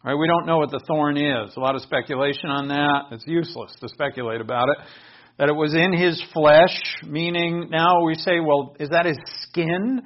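A man's voice: a little high, moderate pace. A man preaching a sermon in an earnest, explanatory way, asking his listeners questions. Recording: dull lo-fi recording.

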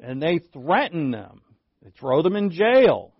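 Male pastor, raised voice, gravelly edge, chatty sermon delivery with asides, dry and slightly muffled sound. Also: a little high, sing-song, unhurried, no echo. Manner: conversational, self-interrupting, playful asides.

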